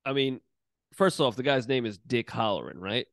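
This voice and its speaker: A man's voice: medium pitch, moderate pace, a bit bright. A man co-hosting a podcast, recapping a movie in a laid-back, profane way and acting out lines. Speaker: podcast co-host. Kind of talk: casual movie-recap chat.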